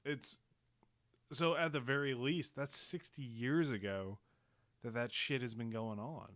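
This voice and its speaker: Host, male, mid pitch, blunt and crude with wry asides, dry close sound. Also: a little slow, a bit bright, no room sound. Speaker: podcast host. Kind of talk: casual chat.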